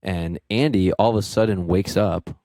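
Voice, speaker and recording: A young man and podcast co-host telling a tour story in casual chat, animated and swearing, mimicking friends in a raised voice. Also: deep voice, moderate pace, no echo, studio quality. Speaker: podcast co-host, band member.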